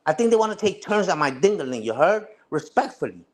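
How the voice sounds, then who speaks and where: A man's voice: high voice, sing-song, fast talker. A man ranting casually on a livestream, taunting and repeating himself. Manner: taunting, repetitive, says "respectfully" and "you heard".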